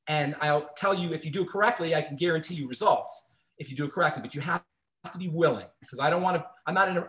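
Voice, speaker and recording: A man's voice: high voice, fairly bright tone. A man hosting a radio health show, giving earnest, encouraging advice to callers in a Q&A.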